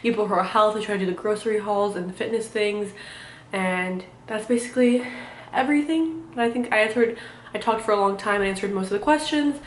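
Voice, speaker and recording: A woman's voice: mid-range voice, slight background noise. Rambling young woman in an echoey room. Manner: rambling, halting, filler-heavy. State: out of breath. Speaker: vlogger. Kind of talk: casual chat.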